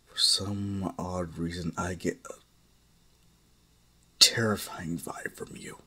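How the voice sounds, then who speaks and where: A cold, calculating Sith warrior, as a man puts him on in a fan story. He talks low and slow, often dropping to a menacing half-whisper. The voice sits deep and takes its time. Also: steady tone, bright, forceful tone, breathy edge, full character voice. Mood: wary.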